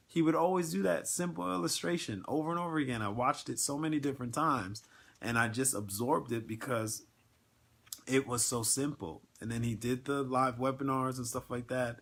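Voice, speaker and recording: A man's voice: mid-range voice, normal speed, vocal fry, a bit bright. A man hosting a casual livestream, talking in an earnest, emotional way with many filler words and ums. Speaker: network marketing livestream host.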